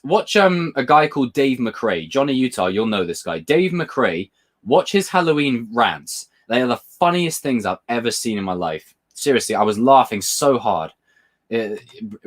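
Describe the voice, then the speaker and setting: A man with a medium-pitched, fairly bright voice hosts a casual live stream. He reads viewer questions aloud and answers them, swearing casually and laughing a lot as he tells stories.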